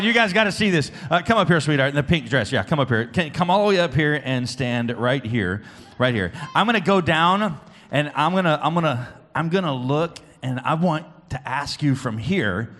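A man leads a children's church service, his voice swinging widely from high shouts to quiet, earnest talk. The tone is bright and forceful, somewhat high for a man. He plays to a room of kids, teasing and coaxing them. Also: expressive, brisk, a little hiss or hum. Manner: booming and playful with the kids, dropping to soft and earnest. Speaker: children's pastor. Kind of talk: lively children's church sermon.

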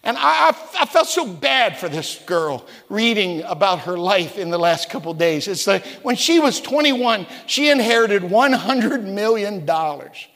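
High-voiced older preacher building to shouts. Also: male voice, sing-song, unhurried, few pauses. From West Virginia. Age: 60s. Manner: storytelling preacher, stammers and repeats words, builds to shouts. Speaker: pastor. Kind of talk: sermon. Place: church. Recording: reverberant church hall.

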